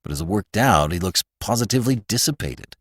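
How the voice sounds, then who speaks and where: A man's voice: on the low side, lively intonation, a little fast, slightly rough. A man voicing an anxious young painter. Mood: gloomy. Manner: subdued, worried and hesitant.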